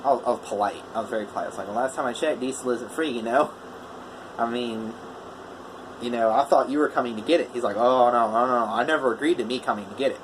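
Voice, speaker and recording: A man's voice: mid-range voice, quick pace, noisy background. A man, a welder, telling a customer story in a casual vlog, acting out both sides of a heated phone call. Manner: animated retelling, quoting both sides of a phone argument.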